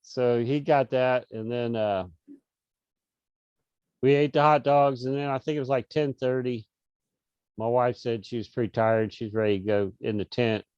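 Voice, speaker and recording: A man's voice: mid-range voice, steady tone, moderate pace, long pauses, darkish tone, clear, resonant tone, dry recording, dull audio. A middle-aged man, an interview guest, telling a casual story over a video call with lots of restarts and fillers. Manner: rambling, many restarts and fillers.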